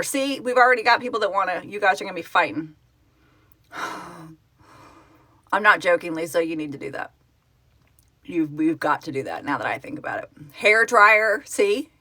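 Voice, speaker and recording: A woman who founded a fan project, hosting a casual live stream, answering viewers' comments in an excitable, gushing way and laughing often. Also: fairly low pitch.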